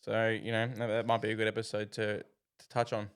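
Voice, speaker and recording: A man's voice: lowish voice, completely flat delivery, a little fast, smooth. A man, co-hosting a casual podcast and chiming in with short quips that finish his partner's sentences. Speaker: podcast co-host.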